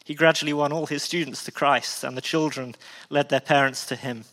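A man's voice: fairly high pitch, fairly even intonation, brisk, fairly bright tone, poor audio. A man voicing a teacher who summarizes a translated story in a plain retelling. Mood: matter-of-fact.

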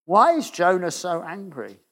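A man preaching a conversational sermon, often checking in with the congregation and letting his voice drop softly at the ends of phrases. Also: very animated, measured pace. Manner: conversational, asks the audience questions with tag "okay?"; drops to a soft low voice at the ends of phrases.

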